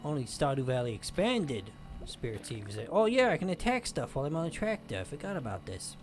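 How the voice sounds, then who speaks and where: A man's voice: a little fast, a little hiss or hum. A man streaming a farming game, chatting casually and playfully taunting enemies. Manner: playful taunting, lively pitch swings.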